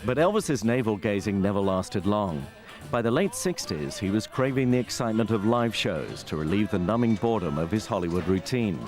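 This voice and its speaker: A man with a British accent reading scripted documentary narration. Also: lowish voice.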